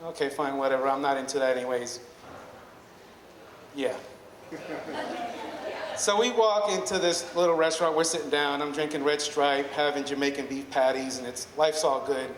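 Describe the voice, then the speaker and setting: A man's voice: a little high, moderate pace. A man telling a personal story live to an audience, chatty and rambling, often correcting himself. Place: hall at a live storytelling evening. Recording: echoey hall with long reverb, faint noise.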